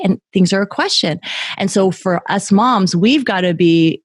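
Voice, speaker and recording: A middle-aged woman speaking as a guest author in a podcast interview, telling lively stories and acting out the voices she quotes. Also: medium pitch, unhurried, slightly rough, no echo, clean studio sound. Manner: lively storyteller who acts out quoted voices.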